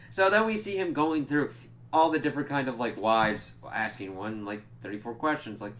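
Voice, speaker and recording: A man's voice: medium pitch, normal speed, a bit bright. A man giving a loose, casual recap of a TV episode, swearing freely and using lots of fillers. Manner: loose, profane, full of "like" fillers. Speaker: TV reviewer.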